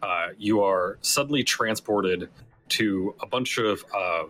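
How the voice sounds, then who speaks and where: A man's voice: fairly low pitch, slow pace, sharp tone, soft background music, low-quality recording. A man narrating as game master of a tabletop game, in a casual way with lots of fillers and restarts.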